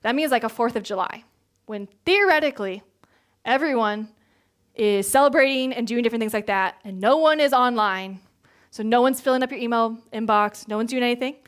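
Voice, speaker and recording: A woman giving a conversational sermon in a casual, chatty way. She acts out quoted lines in brighter voices. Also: fairly high pitch. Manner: casual, chatty, with many filler words. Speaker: church speaker.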